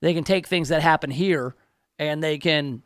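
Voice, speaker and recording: A man's voice: a little high, moderate pace, no echo, clean studio sound. Wry talkative radio host man. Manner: wry, talkative, many restarts. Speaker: radio talk show host. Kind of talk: casual radio chat. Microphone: studio microphone.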